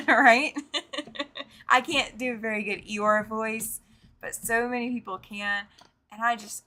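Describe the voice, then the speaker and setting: A chatty woman hosts a live-stream with a bright, slightly tense voice pitched a little high. She reads viewer comments aloud, laughs easily, and often trails off or repeats a phrase as she talks. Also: vocal fry. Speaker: host of a live quilting show. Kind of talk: casual live-stream chat.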